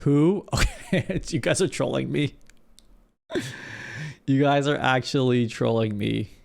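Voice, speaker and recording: A man's voice: medium pitch, a little slow, vocal fry. A man streaming live, chatting casually with his audience and often restarting his sentences. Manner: rambling, with frequent restarts.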